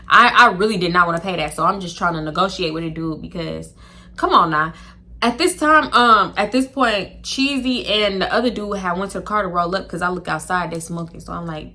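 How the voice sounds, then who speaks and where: With a voice on the low side and a slightly quick pace, a young woman vlogs a storytime to camera. Her telling is animated, slangy and sweary, and she acts out the people involved.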